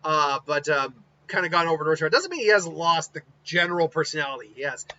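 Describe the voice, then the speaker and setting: A man retells a story in a loose, rambling way, doubling back often. His voice is a little high, bright and forward. The recording is dull and lo-fi with a faint hiss behind it. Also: lively intonation, fast. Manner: rambling, many fillers and restarts. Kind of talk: casual story narration.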